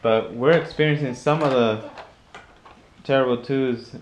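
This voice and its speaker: A man's voice: mid-range voice, unhurried, slight background noise. A young man chatting on a home vlog in a goofy, joking way. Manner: goofy, jokes in odd voices. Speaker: husband and vlog co-host. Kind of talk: casual home vlog chat.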